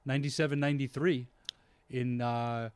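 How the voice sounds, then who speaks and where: Podcast host, dry close mic. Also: male voice, mid-range voice, steady tone, clean tone, no room sound. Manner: conversational, reads promos briskly. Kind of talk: podcast chat and outro.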